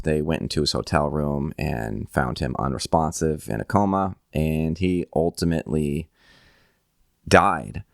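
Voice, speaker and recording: A man's voice: low-pitched, a bit bright, clear, resonant tone, dry recording, studio quality. A man hosting a tribute video, speaking in a reflective, conversational way with some fillers. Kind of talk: casual commentary.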